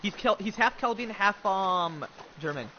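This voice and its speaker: Brief: slangy livestream gamer guy, lively pitch, bright edge, dull mic. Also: measured pace, slight background noise. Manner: loud, excitable, slangy. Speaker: gaming livestream host. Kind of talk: casual chat with friends on a voice call.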